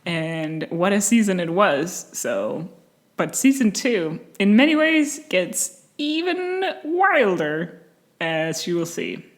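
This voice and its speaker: A woman hosting a casual commentary video, animated and sarcastic, often breaking into laughter. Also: lowish voice, slow pace. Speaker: video essay host.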